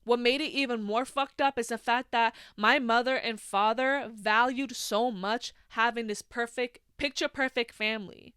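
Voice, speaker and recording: Casual twenties woman hosting her own podcast; slightly high, crisp voice, swears freely, leans on "like". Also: steady tone, moderate pace, few pauses, fairly bright tone, dry recording, clean studio sound. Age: 20s. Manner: frank and heavily profane, full of "like" fillers. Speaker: podcast host. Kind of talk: candid solo podcast monologue.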